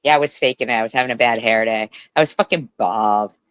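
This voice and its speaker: A man's voice: medium pitch, quick pace, a bit bright, smooth, low-quality recording. A man giving profane reaction commentary in a sarcastic, mocking way. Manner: sarcastic, mocking, swears often. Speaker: commentary host.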